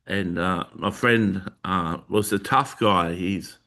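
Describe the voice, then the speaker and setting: A man hosting his own channel, telling a personal religious testimony in a halting way with many filler sounds and restarts. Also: deep voice, sharp tone. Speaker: Christian video host sharing testimony.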